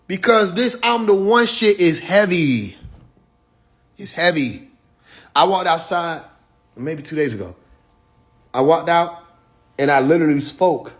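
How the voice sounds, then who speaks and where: A man's voice: high-pitched, measured pace, long pauses, a bit bright. A man, talking loose and emphatic in a livestream monologue, full of profane slang, racing ahead in bursts and then drawing words out. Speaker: livestream host.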